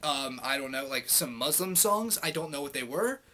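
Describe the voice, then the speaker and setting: A man's voice: mid-range voice, animated, normal speed, pushed and bright, slight background noise. A young man venting in a casual, heavily profane rant to his camera, heated and sarcastic. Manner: swears constantly, heated and sarcastic. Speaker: vlogger.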